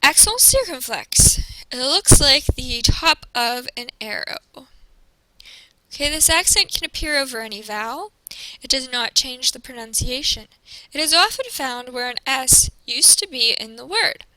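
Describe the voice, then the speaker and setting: A woman teacher narrates a recorded lesson with a high, clear, bright voice. She speaks slowly and carefully and models each pronunciation. The recording is dry and close, with no room sound. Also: lively intonation, dry recording, rough recording. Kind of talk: recorded classroom presentation.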